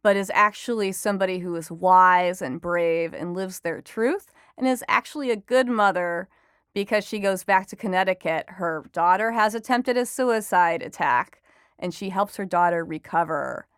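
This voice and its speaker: Chatty woman with a smooth, clear voice. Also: on the low side, a bit bright, no echo, clean studio sound. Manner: chatty and enthusiastic, quick asides with laughter. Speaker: entertainment reporter and author guest. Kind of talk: podcast interview.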